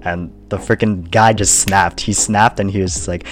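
A young man with a very low voice, telling a store story at an easy, rambling pace and laughing along the way. Faint music plays softly behind him. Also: fairly even intonation, normal speed, hardly any pauses. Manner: laid-back, laughs often, rambling with fillers. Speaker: podcast co-host. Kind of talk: casual chat.

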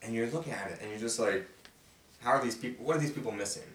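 Man, mid-pitch, conversational Bible study host, animated quote reading; distant mic, roomy sound. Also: quick pace. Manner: conversational, voices the characters' quotes with feeling. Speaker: host reading and explaining scripture. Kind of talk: casual Bible study teaching.

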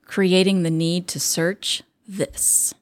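A woman co-hosting a podcast in casual chat, playfully quizzing her co-host with animated delivery. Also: fairly low pitch, slow, dry recording. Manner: playful quiz-master, swooping animated delivery with gasps.

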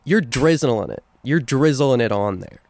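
A man's voice: medium pitch, animated, measured pace, a little mellow, dry recording. A young man co-hosting a podcast, chatting casually and playfully, savoring the words he talks about. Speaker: podcast co-host. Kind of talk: casual chat.

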